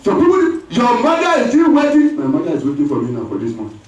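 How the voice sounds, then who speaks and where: A man preaching a sermon as pastor, lively, with call-and-response and acted voices. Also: very high voice, fast talker, crowd noise. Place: church hall. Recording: echoey church hall from far off.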